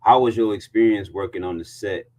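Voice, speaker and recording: A man with a very low voice interviews a guest in an easy, friendly way. He tends to repeat his affirmations, "I got you, I got you", before he moves on to the next question. His manner is casual and unhurried. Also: darkish tone.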